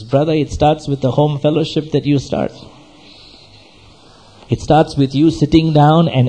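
A man's voice: mid-range voice, dark tone, husky, rough recording. A man preaching a sermon as pastor, exhorting and repeating himself, often asking his listeners questions. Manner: exhorting, repetitive, asks the audience questions.

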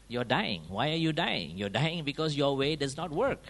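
A man's voice: a little high, lively intonation, moderate pace, a bit bright. Emphatic male preacher asking rhetorical questions. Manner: peppers points with rhetorical questions and tag checks like "huh?" and "yeah?"; emphatic, swings between raised and dropped volume. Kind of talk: sermon.

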